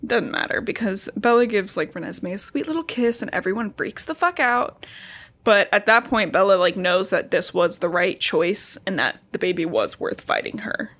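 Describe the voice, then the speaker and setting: A woman's voice: medium pitch, animated, moderate pace, a bit bright. A young woman hosting a podcast, casually recapping a novel in a chatty way with lots of filler words. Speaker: podcast host.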